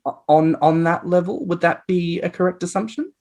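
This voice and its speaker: A man with an Australian accent, hosting a podcast in lively, campy casual chat and laughing often. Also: fairly high pitch, brisk. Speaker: podcast host.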